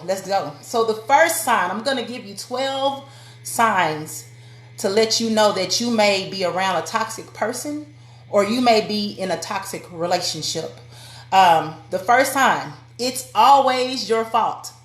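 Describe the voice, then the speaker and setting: A woman's voice: mid-range voice, animated, unhurried. A woman giving a motivational live-stream talk to women, speaking directly and preacherly and calling out to her viewers. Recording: echoey room.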